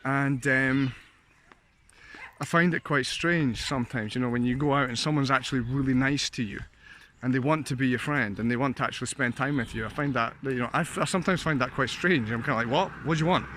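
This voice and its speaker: A man's voice: medium pitch, fairly quick, fairly bright tone, a little hiss or hum. A Scottish man vlogging in a casual, jokey monologue, full of fillers and laughs. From Scotland. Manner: chatty, jokey, laughs often, many fillers. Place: living in a Slovak village.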